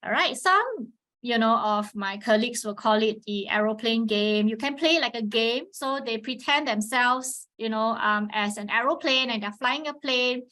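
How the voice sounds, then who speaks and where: A woman presents an instructional webinar on teaching Chinese, explaining things clearly and patiently at a moderate pace. She often checks in with "all right" and demonstrates Mandarin tones with sharp swings in pitch.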